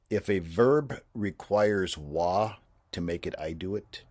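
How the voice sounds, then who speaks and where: Deep-voiced man, patient teacher trainer, steady explanatory delivery. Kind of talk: instructional explanation.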